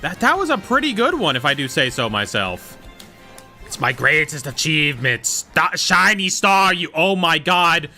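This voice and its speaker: A man's voice: a little high, big pitch swings, moderate pace, sharp tone, soft background music. A young man live-streaming a game, chatting casually and joking with his chat. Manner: joking, rambling, slips into whispers.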